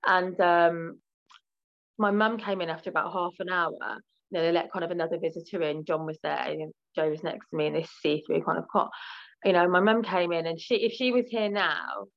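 A woman's voice: lowish voice, fairly even intonation, brisk, vocal fry, highs cut off. A British woman speaking frankly as an interview guest, with lots of fillers and restarts. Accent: British English. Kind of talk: candid podcast interview.

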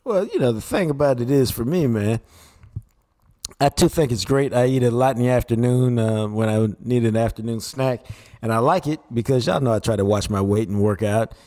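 A man co-hosting sports talk, breaking down football and chatting about sponsors in a steady, conversational way. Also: medium pitch, a little fast. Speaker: sports radio co-host. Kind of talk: casual football analysis.

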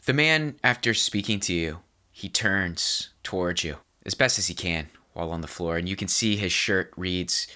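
Game master, man, very low bright voice, measured scene-setting. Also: expressive. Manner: descriptive, measured narration with restarts. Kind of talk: narrating a tabletop horror game.

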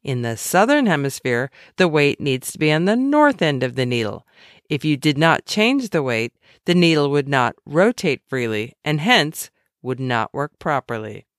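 A woman reading her own devotional book aloud in an expressive, conversational storytelling way with wry asides. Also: low-pitched, no echo, studio quality.

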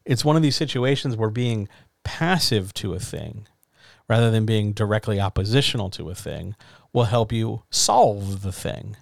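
A man's voice: fairly low pitch, animated, moderate pace, gravelly, no echo, clean studio sound. A man hosting a writers' chat, giving earnest, frank and encouraging advice in a casual way, now and then swearing. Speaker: podcast host.

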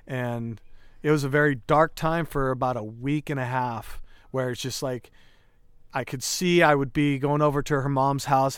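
A man's voice: mid-range voice, steady tone, moderate pace, smooth, no room sound. Podcast guest, male, 30s: candid, emotional storyteller, clean voice, dry studio mic. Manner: earnest, emotional, acts out quoted dialogue.

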